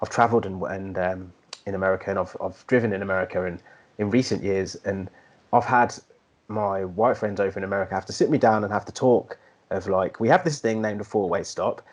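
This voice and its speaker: A man's voice: sits low, fairly even intonation, brisk, lo-fi sound. A man from the UK co-hosting a casual chat podcast, talking in an earnest, reflective way with many fillers. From United Kingdom. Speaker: podcast co-host.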